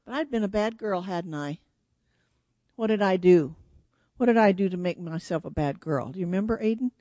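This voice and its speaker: A woman tells a children's story at church in an animated, questioning way, drawing the kids in. The recording is dull and lo-fi, with a dry, close sound. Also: lowish voice, normal speed, no echo.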